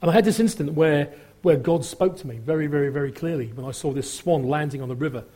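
A man's voice: fairly high pitch, fast talker, mellow, breathy edge. A middle-aged man giving a rambling personal testimony full of fillers, acting out the voices he quotes. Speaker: testimony speaker.

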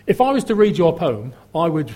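A man's voice: fairly high pitch, sing-song, a little fast, mellow. A male preacher giving a sermon at a church service, talking conversationally and putting questions to the congregation.

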